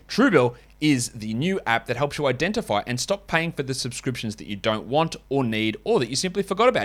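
A man's voice: medium pitch, a bit bright. Man, podcast host, casual and wry, rambling asides. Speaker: fantasy basketball podcast host. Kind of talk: casual podcast chat and host-read ads.

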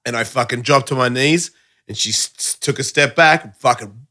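A man telling stories on a casual podcast, his voice bright and forceful. He swears constantly and leaps high in pitch whenever he acts out what someone else said. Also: fairly quick. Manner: profane, animated, jumps high when quoting people. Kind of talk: casual storytelling chat.

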